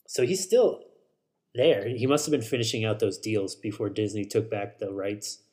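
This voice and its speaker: A man hosts a solo podcast, rambling casually about shows and movies while swearing and correcting himself. His voice sits on the low side and sounds a little mellow, moving at a normal speed.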